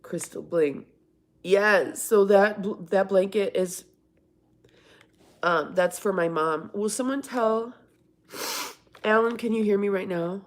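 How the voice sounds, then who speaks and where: A woman's voice: medium pitch, takes it slowly, pauses often. A middle-aged woman hosting a casual livestream from home, chatting and rambling as she answers viewers by name. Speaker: livestream host. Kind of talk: casual live-stream chat, reading viewer comments.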